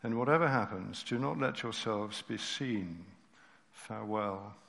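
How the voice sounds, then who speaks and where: A preacher reading as a weary, sorrowful lion. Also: male voice, on the low side, gravelly. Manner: slow, soft and grave. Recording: reverberant hall.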